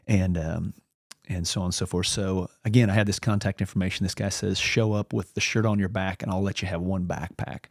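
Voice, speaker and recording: A man's voice: low-pitched, steady tone, fairly quick, vocal fry, no echo, studio quality. A man as a podcast guest, telling a long story in a casual, rambling way and acting out the lines of the people in it. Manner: rambling anecdotal, acts out quoted dialogue.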